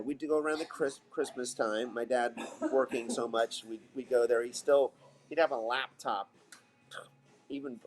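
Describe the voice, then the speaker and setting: A man co-hosting a casual remote podcast, chatty and storytelling, from Florida. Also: medium pitch. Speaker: podcast co-host. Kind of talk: casual chat.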